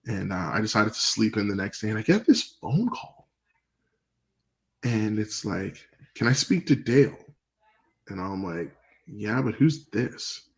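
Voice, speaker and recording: A man from Canada, a podcast guest, telling stories in a relaxed, rambling way with fillers, acting out old phone calls. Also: lowish voice, a little slow, creaky, pauses often, rough recording. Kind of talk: casual storytelling interview.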